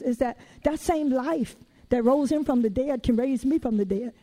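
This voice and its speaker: High-voiced woman preaching with lively folksy asides. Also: moderate pace. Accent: Southern US. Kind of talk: sermon.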